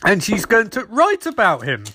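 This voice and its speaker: A young man recapping and reviewing a TV episode in a casual, animated way, swearing freely. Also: high voice, normal speed, husky.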